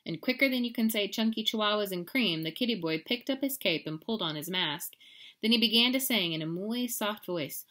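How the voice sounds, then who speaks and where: A woman's voice: mid-range voice, expressive, a little fast, fairly bright tone. A woman teacher giving casual class announcements with many filler ums, then reading a picture book aloud.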